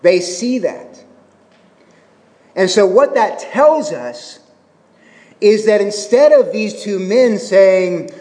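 A man's voice: sits high, sing-song, slow pace, pauses often, darkish tone, big-room sound. A middle-aged man preaching a sermon, earnest and explanatory, with humorous asides about his family. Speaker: pastor.

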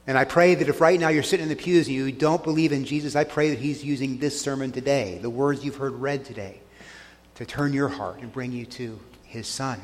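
A middle-aged man preaching a sermon to a congregation, earnest, often dropping soft and low on key lines. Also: a little fast. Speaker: pastor. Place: church sanctuary. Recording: long church hall reverb.

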